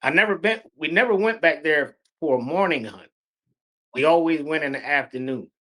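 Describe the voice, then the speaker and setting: A middle-aged man from Pennsylvania telling a true encounter story in a halting, breathless, vivid way. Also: on the high side, animated, a bit bright. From Pennsylvania, USA. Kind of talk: animated personal storytelling.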